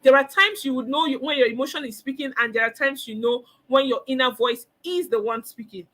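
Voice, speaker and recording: A Nigerian woman gives a motivational counseling talk, emphatic and repeating phrases while acting out the voices she describes. Her voice sits high, runs a little fast, and sounds a bit bright.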